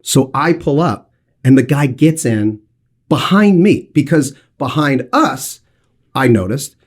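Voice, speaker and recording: A man in his forties telling a lively anecdote on a podcast, swearing freely and acting out what other people said. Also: medium pitch, takes it slowly. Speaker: podcast co-host telling a story.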